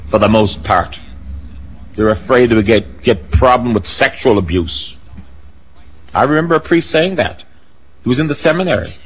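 An older man preaching a sermon, emphatic and rising to loud peaks, with casual asides and self-corrections. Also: mid-range voice, lively intonation, moderate pace, pauses often, husky, rough recording.

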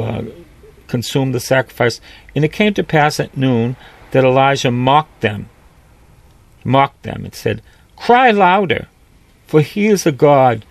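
A man's voice: mid-range voice, no echo. Man preaching a sermon in a dry, close sound. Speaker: priest.

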